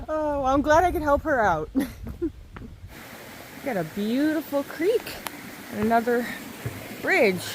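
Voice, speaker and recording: A woman thru-hiker vlogging outdoors on a mountain trail into a handheld camera, a chatty, animated storyteller. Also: sits high, takes it slowly, pauses often, background noise. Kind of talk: casual trail vlog.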